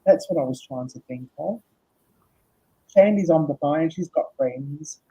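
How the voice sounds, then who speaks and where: A tired woman hosting a casual live chat, laughing often and reading out viewers' comments in a husky voice. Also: sits low, unhurried, mellow. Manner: chatty, laughs often, reads comments aloud. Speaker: host. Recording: dull lo-fi stream audio.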